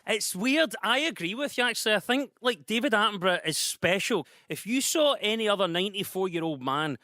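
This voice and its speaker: A man hosting a comedy panel show, brisk and jokey as he reads out news items. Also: high-pitched, expressive, pushed and bright, no echo, studio quality. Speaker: host.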